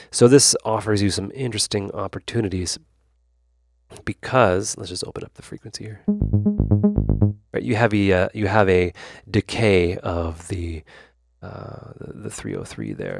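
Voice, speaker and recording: Low gravelly man, casual synth demo. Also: normal speed, dry recording, clean studio sound, soft background music. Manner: rambling, loose, full of fillers and asides. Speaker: YouTube host.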